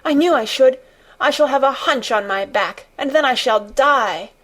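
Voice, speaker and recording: A woman's voice: sits high, normal speed, a bit bright, voice pushed up. A woman voicing a sickly, hysterical young boy who gasps and sobs. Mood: sobbing. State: sobbing.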